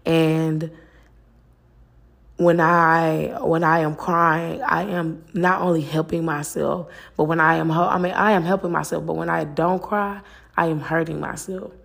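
A woman's voice: sits low, level tone, unhurried, gravelly, fairly bright tone. A woman hosting a faith-based talk podcast, speaking earnestly and casually, repeating phrases and filling with "like". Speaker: podcast host.

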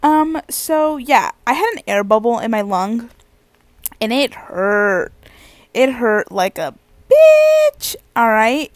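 A woman's voice: a little high, sing-song, slow, no room sound. A young woman vlogging while lying on her bed, chatting casually in a rambling, self-deprecating, giggly way. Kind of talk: casual chat.

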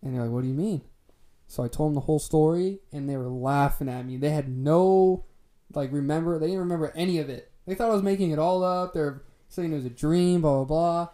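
Mellow-voiced young man telling a story. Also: on the high side, fairly quick. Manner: laid-back, swears freely, lots of fillers. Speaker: podcast co-host telling a story. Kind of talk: casual storytelling among friends.

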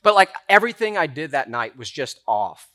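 Bright-voiced young man preaching casually. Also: on the high side, very animated, brisk. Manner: casual, chatty, heavy use of filler words. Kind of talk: sermon with personal storytelling. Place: church meeting room.

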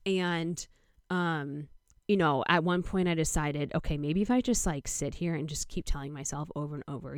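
A woman's voice: deep voice, normal speed, no echo, clean studio sound. A young adult woman hosting a podcast, telling a long story in a rambling way, full of "like" and quoted dialogue. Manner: rambling, heavy use of "like", quoting others. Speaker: podcast host. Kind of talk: casual storytelling monologue.

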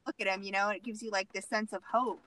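A woman's voice: medium pitch, steady tone, fast talker, a bit bright, rough recording. Gushing young woman host. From Phoenix, Arizona, USA. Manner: enthusiastic, fills speech with "like". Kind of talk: casual interview chat.

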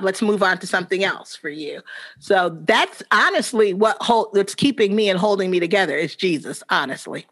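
A middle-aged woman who works as a teacher tells earnest personal stories as a guest on a podcast. Her voice is medium in pitch and fairly bright, and it jumps up whenever she quotes the children.

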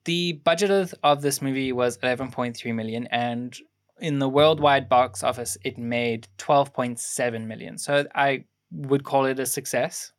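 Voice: mid-range voice, normal speed. Rambling young podcast host sharing film trivia. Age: young adult. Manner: rambling, fact-sharing with many ums and restarts. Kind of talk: casual film review chat.

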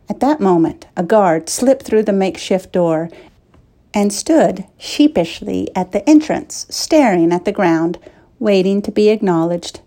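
A woman narrating an audiobook chapter in a measured, even storytelling manner. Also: medium pitch.

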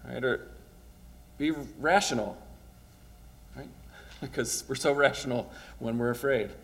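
A male pastor delivers his sermon like a chat with his congregation. His voice sits in an ordinary middle pitch. He keeps checking in with a quick "right?" and lets small chuckles slip in. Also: fairly bright tone. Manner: casual, asks "right?" often, chuckles. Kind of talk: conversational sermon.

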